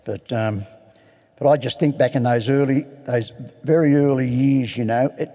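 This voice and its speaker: Older man telling a rambling, self-mocking story in an echoey hall; gravelly. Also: medium pitch, moderate pace, mellow. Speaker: recovery meeting speaker. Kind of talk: personal story told to an audience. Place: large hall.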